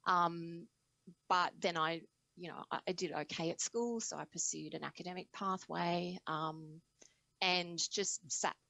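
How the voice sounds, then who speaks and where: A woman speaking as an interview guest on singing, reflective and animated in conversation. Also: on the low side, unhurried, vocal fry, dry recording, low-quality recording. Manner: reflective, animated storytelling with laughs.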